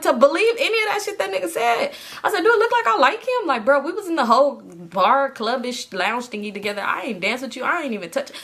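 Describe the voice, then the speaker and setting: A young woman telling a story in casual chat, animated, swearing and jumping up high when she acts out what people said.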